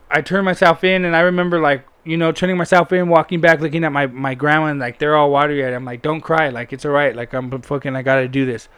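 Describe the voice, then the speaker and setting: Candid swearing man, slightly high voice. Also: a bit bright, clean tone. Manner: candid, heavy swearing, frequent "like" fillers. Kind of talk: casual storytelling.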